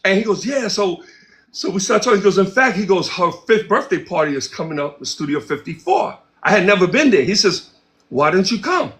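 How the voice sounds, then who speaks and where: High-voiced man telling a story. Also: brisk. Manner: animated, acts out quoted dialogue. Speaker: interview guest, music producer. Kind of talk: casual storytelling.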